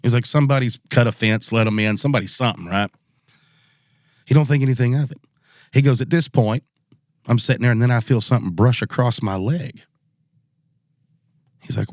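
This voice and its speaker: Here a male podcast co-host with a medium-pitched voice moves fairly quickly but leaves long pauses. In a laid-back Southern style, he casually recounts a spooky hunting story, performing the voices of those he quotes. It's a studio recording with no room sound.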